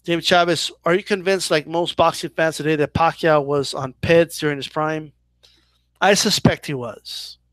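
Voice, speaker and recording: A man's voice: a little high, steady tone, moderate pace, fairly bright tone, no echo. Chatty man hosting a boxing Q&A. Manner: loose and chatty, lots of "like" and "right?". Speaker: boxing channel host. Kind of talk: casual live Q&A, reading viewer questions.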